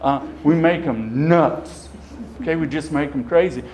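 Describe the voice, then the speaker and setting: The deacon's fairly high voice moves at a measured pace, captured on poor audio with a little background noise. He is a middle-aged man telling his parish a folksy story, acting out quotes and at moments close to tears.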